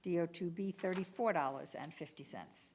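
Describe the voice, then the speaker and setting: A woman serving as a municipal clerk, reading out item codes and bid prices at a public bid opening in a steady, businesslike way. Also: lowish voice, normal speed, slight background noise.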